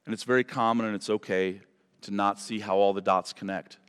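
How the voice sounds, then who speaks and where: A man's voice: on the low side, steady tone, fairly quick, fairly bright tone, clean tone. A man preaching as pastor, closing a sermon and praying, earnest and pleading, stumbling and correcting himself now and then. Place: church sanctuary. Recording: reverberant church hall.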